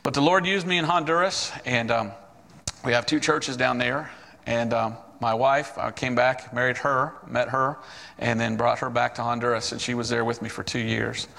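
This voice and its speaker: Gravelly-voiced man preaching in a hall. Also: medium pitch, normal speed. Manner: storytelling, animated quoted voices. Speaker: missionary preacher. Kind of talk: sermon testimony.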